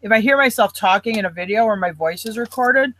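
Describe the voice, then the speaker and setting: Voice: medium pitch, fast talker, bright, forceful tone, poor audio. Wisconsin person, laid-back chatty talk, mid voice, lots of likes and ums. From Milwaukee, Wisconsin. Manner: easygoing, chatty, thinks aloud with fillers. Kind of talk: casual chat.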